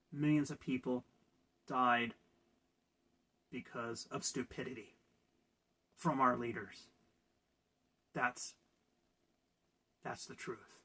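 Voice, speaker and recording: Gravelly, husky man ranting sarcastically. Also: medium pitch, fairly bright tone. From California. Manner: sarcastic, ranting, laughs at his own jokes. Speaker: vlogger. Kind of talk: casual opinion vlog.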